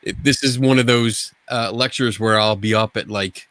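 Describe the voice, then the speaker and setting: A man's voice: lowish voice, fairly even intonation, moderate pace, fairly bright tone, no echo. Rambling man on a podcast, dry sound. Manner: rambling, frequent restarts and profanity. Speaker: podcast co-host. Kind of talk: casual podcast chat.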